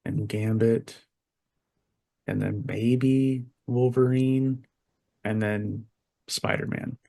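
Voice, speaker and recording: A man co-hosting a podcast in casual chat, relaxed and plain-spoken. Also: lowish voice, extremely slow, gravelly. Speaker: podcast co-host.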